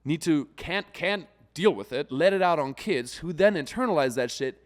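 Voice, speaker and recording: A podcast co-host with a voice on the high side talks at a moderate pace. The conversation is casual and profane, and he's animated, often acting out other people's voices.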